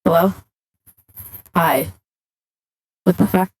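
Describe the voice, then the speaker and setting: A man's voice: high-pitched, slow, no echo, soft background music, voice pushed up, low-quality recording. A man using an AI voice changer that turns him into a woman named Agatha, the sound choppy and glitchy, talking hesitantly as he tests it. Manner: hesitant, testing the voice.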